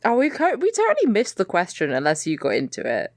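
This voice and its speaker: A woman's voice: mid-range voice, wildly swooping pitch, fast, no room sound, clean studio sound. A woman co-hosting a podcast in casual chat, joking at her own expense and acting out characters. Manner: joking, self-deprecating, quoting characters. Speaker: podcast co-host.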